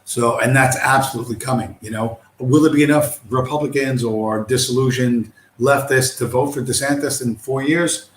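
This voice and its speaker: A man streams alone, ranting in a middle-pitched voice that circles back through restarts and asides. He swears constantly and keeps asking "you know" as he goes. The room gives his voice a noticeable echo. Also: fairly even intonation, normal speed, hardly any pauses. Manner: profane, rambling, repeats "you know what I mean". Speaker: livestream host. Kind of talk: rambling livestream rant. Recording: roomy echo.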